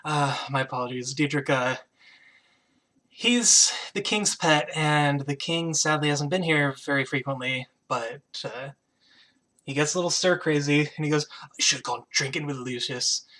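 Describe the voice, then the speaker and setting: A man voicing a kind, calm queen in her thirties, speaking softly and gently. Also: fairly high pitch, normal speed. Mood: gentle. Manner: soft-spoken, gentle.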